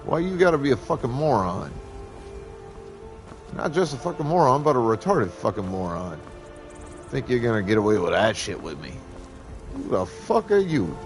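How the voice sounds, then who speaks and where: Male streamer, heated profane rant, very lively pitch, music faint behind. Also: moderate pace, long pauses. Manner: heated, swearing constantly, animated swings in pitch.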